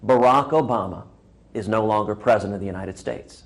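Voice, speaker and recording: A man's voice: fairly low pitch, a little fast, natural voice. A man voicing a frustrated Marine guard in a told joke. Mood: stern. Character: stern frustrated young male Marine guard.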